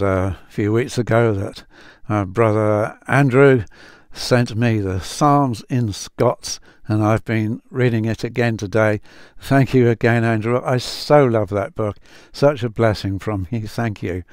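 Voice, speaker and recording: A man speaking as a Bible translator, reflecting slowly on psalms, with many pauses and fillers as he reads verses aloud. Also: lowish voice, dry recording, studio quality.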